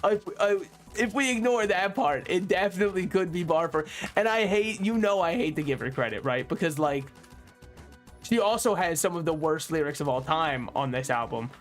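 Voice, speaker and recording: Young man, game streamer, rambling jokey live commentary, slightly high-pitched, frequent laughs, soft music underneath. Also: animated, normal speed.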